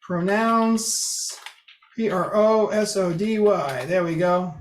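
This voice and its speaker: Casual online lecturer, mid pitch, chatty with restarts; video call sound, echoey room. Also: slow pace, slight background noise. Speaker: presenter. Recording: roomy echo.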